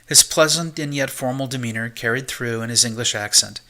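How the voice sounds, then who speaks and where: A man reading a science-fiction audiobook as an amateur narrator, in a steady, measured way. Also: mid-range voice.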